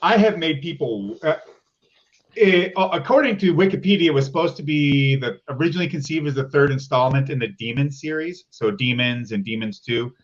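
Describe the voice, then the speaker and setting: A man in casual chat, a relaxed and wry film buff laying out obscure movie details. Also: on the high side, fairly quick, muffled recording. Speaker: guest.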